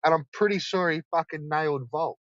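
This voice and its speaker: A man's voice: on the high side, a little fast, fairly bright tone, dry recording. A young man livestreaming, ranting insistently and swearing a lot. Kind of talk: rambling livestream rant. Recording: dull lo-fi streaming mic.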